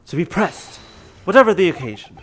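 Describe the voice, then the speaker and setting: A man doing a pompous semi-British gentleman detective. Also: sits high, big pitch swings, brisk, voice pushed up. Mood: lecturing. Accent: put-on semi-British. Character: eccentric, self-satisfied male gentleman detective.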